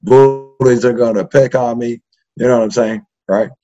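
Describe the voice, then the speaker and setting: A man's voice: mid-range voice, moderate pace, faint music behind. An older man, a history professor, telling profane stories from his youth in a casual interview, with constant "right?" tags. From East Los Angeles. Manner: profane, animated, keeps adding "right?". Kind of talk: casual storytelling. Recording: dull lo-fi sound.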